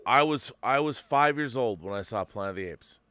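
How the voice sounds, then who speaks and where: A man in his fifties hosting a casual talk show, telling a story with excitement and many restarts. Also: medium pitch, fairly quick, no echo. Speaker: host. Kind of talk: casual podcast chat.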